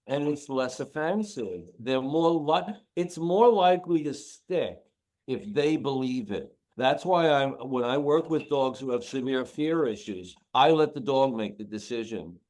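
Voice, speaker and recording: A man's voice: a little high, animated, unhurried, a little mellow. A man who trains dogs, guest on a podcast, talking casually and emotionally, repeating himself for emphasis. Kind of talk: casual interview talk.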